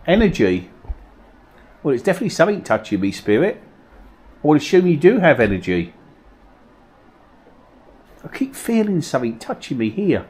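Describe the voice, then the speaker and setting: Male ghost-hunt host, animated delivery, uneasy coaxing questions, old mill cellar. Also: fairly high pitch, normal speed, pauses often, husky. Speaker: paranormal investigator host. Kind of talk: ghost-hunt vlog, calling out to spirits.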